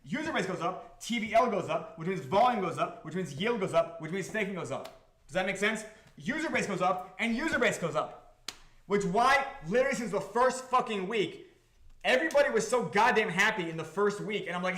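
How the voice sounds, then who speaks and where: A man hosting a livestream about his crypto project, talking to the chat in an excitable, profane, repetitive way. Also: high-pitched, a little fast, roomy sound. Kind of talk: livestream talk to a chat audience.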